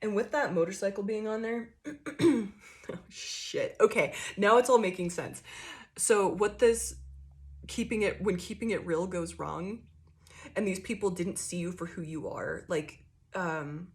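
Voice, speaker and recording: Brief: woman tarot reader, casual and profane, laughs a lot, mid-pitched voice. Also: a little slow. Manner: profane, animated, laughs often, acts out quoted people. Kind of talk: casual tarot reading monologue. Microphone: desk microphone that picks up card shuffling.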